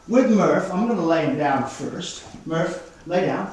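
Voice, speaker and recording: An Australian man training dogs in a studio, his voice a touch higher than most men's. He explains things step by step and gives the dogs calm commands. The room is very echoey and he stands well back from the mic. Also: normal speed, hardly any pauses, far from the mic, background noise. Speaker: dog trainer. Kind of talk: explaining while demonstrating.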